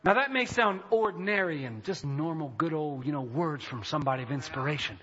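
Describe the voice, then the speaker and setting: Male testimony preacher with a very high, sharp, raspy voice. Fervent storyteller. Muffled lo-fi audio. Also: expressive, a little fast. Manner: fervent storytelling, rising to shouted praise. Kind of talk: sermon testimony.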